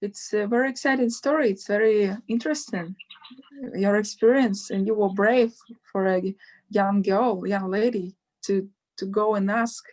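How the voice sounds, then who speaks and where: A woman interviewer with a mid-range voice speaks with her guest over a video call. She pieces her questions together slowly. Her phrasing is hesitant and broken by pauses. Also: medium pitch, darkish tone. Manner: halting, searching for words, hesitant phrasing. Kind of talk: conversational interview.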